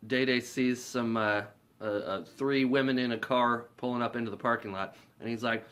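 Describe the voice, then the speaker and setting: A man's voice: mid-range voice, fairly even intonation, moderate pace, a bit bright. A man casually recapping a movie plot in a rambling, profane way, laughing often. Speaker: movie reviewer.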